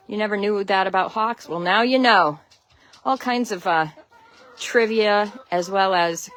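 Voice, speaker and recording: A woman from Connecticut with a Connecticut accent chats loosely through a phone livestream outdoors in her snowy chicken run. She greets her viewers one by one and laughs easily. She is a friendly, rambling host who keeps the talk going as she walks. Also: medium pitch. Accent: Connecticut (American). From Connecticut, USA. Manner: chatty, greets viewers by name, laughs often. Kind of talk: casual live stream chat.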